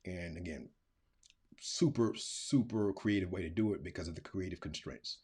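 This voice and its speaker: A low-pitched man guiding a classroom tutorial, talking casually and thinking aloud as he goes. His voice sits deep. He is middle-aged and teaching. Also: normal speed, darkish tone, husky. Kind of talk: screen-recorded classroom tutorial.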